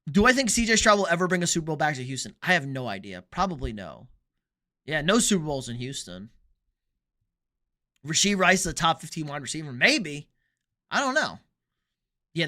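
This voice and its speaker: Bright high-voiced man hosting a sports stream. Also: very animated. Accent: Texan. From Texas. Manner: blunt, joking, opinionated, quick asides. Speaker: sports livestream host. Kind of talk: casual livestream chat reading comments.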